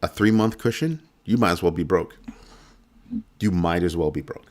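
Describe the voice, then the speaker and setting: A middle-aged man with a very low voice rants as host of his own finance show. He sounds heated and sarcastic, and he leans hard on his points. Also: moderate pace, darkish tone. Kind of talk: ranting monologue.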